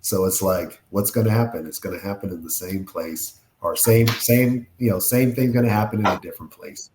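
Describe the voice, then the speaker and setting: Man, very low voice, reflective, casual chat, faint background hiss. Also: brisk. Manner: reflective, thoughtful.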